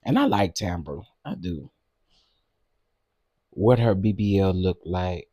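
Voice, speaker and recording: Man, chatty live-stream host, husky voice, dry close sound, laughs a lot. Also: low voice, expressive, slow, dark tone, no echo. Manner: chatty, laughs often, talks to viewers. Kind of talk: casual live chat.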